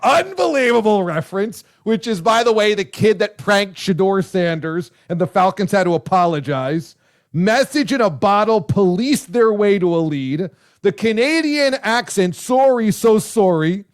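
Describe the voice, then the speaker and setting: A male show host interviewing a guest, loud and excitable, sometimes shouting his praise. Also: sits high, normal speed. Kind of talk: casual interview chat.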